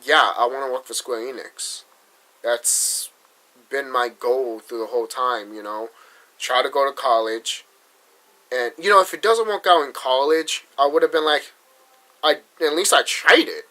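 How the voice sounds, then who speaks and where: A man's voice: mid-range voice, measured pace, pushed and bright, rough recording. A young man from Massachusetts venting in a casual vlog, talking bluntly and profanely with frequent restarts. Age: young adult. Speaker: vlogger. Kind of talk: frustrated vlog rant.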